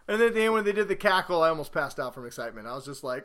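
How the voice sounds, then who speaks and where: An excitable man hosts a casual podcast, rambling through stories and getting louder as they build. His voice sits high and sounds bright and forceful. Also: very fast, hardly any pauses, clear, resonant tone. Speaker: podcast host.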